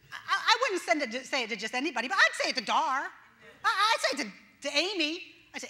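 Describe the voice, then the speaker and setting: A woman's voice: sits high, big pitch swings, fast, bright, forceful tone. An older woman pastor giving a chatty, self-deprecating sermon, acting out little voices and laughing as she goes. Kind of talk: conversational sermon. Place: church sanctuary. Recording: reverberant church hall.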